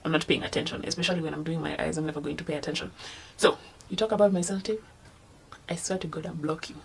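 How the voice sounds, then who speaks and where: Young Kenyan-accented woman, low-ish voice, rambling casual vlogger who sometimes drops her voice to a hush. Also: steady tone, quick pace, vocal fry, slight background noise. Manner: chatty, rambling, laughs at herself; drops to a hushed voice at times. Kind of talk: casual storytelling vlog.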